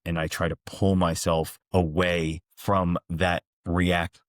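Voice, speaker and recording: A man hosting a reflective monologue, calmly and earnestly recounting parables. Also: low voice, no room sound, clean studio sound. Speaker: host, executive coach.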